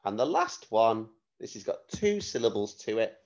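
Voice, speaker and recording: A man teaching a phonics lesson to young children, spelling words out letter by letter in a clear, slow dictation manner. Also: fairly low pitch, big pitch swings, darkish tone, dull audio. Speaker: primary school teacher.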